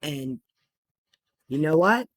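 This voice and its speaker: A woman's voice: deep voice, animated, takes it slowly, no echo. An older woman, the host's mother, telling a meandering family anecdote in a casual way. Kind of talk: casual storytelling.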